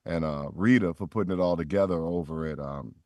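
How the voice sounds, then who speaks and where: A man's voice: low-pitched, a little fast, a little mellow, no echo. A middle-aged man, a voice actor, telling stories as a podcast guest and acting out quoted voices with animation. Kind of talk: storytelling in a podcast interview.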